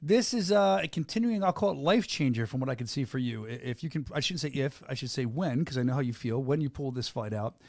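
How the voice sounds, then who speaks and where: A man from the Philadelphia area with a Philadelphia accent, hosting a podcast interview in an excitable, jokey way and often talking over his guest. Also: medium pitch, quick pace, few pauses, no echo, studio quality. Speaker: podcast host. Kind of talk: casual interview chat.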